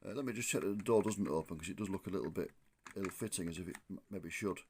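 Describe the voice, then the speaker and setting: A man reviewing a model coach, thinking aloud with frequent ums and restarts, slightly hoarse from losing his voice. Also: deep voice, quick pace, darkish tone, slight background noise. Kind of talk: casual hands-on product review.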